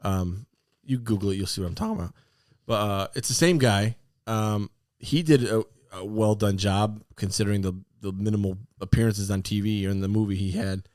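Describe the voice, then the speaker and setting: A man's voice: fairly low pitch, brisk, few pauses, a little mellow, dry recording, studio quality. A man co-hosting a podcast, telling stories animatedly and laughing often. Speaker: podcast co-host. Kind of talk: casual chat.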